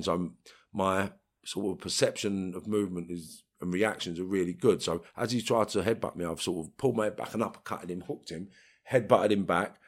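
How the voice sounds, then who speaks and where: Deep-voiced London man telling blunt stories. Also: creaky, husky. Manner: blunt, streetwise, with bursts of swearing. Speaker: interviewee. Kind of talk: storytelling interview.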